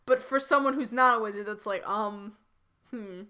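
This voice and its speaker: A woman's voice: mid-range voice, normal speed, bright, forceful tone. A woman streamer reading fanfiction aloud live and chatting through it, laughing and stumbling over restarts.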